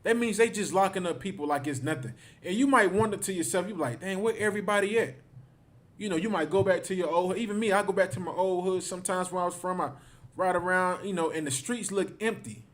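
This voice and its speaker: A man's voice: sits high, quick pace. A man teaching a livestreamed scripture class, emphatic and repetitive, often tagging his phrases with "man". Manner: emphatic, repeats himself, ends phrases with "man".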